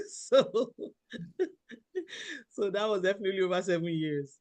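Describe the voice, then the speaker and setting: A woman from Nigeria, a doctor in her thirties, telling a personal story as a podcast guest, animated, often laughing and quoting herself. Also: mid-range voice, slow pace. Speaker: guest, general practitioner.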